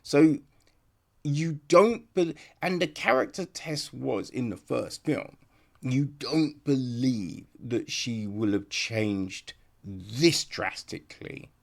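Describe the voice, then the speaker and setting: A man's voice: mid-range voice, animated, slow pace, vocal fry. A man giving a casual, rambling film review on a podcast, blunt and swearing, tagging his points with "right?". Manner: rambling, blunt, swears, many tag questions.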